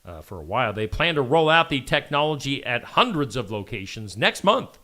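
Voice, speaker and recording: A man's voice: medium pitch, a little fast. A man co-hosting a local morning show, reading headlines in a casual, jokey chat. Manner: jokey, lively, reads headlines.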